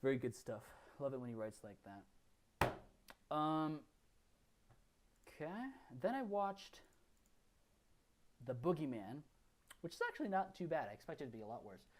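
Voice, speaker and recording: A man's voice: medium pitch, sing-song, unhurried, pauses often, a little hiss or hum. A man co-hosting a podcast, recapping films in casual, rambling chat full of fillers and restarts. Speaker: podcast co-host.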